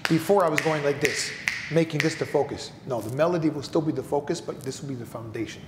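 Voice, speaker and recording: Man, musician, scatting beats, patient explainer, slightly high voice, echoey room. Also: quick pace, heavy background noise. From New York. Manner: scats rhythms with syllables, explains patiently. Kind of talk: music lesson, vocalizing rhythms.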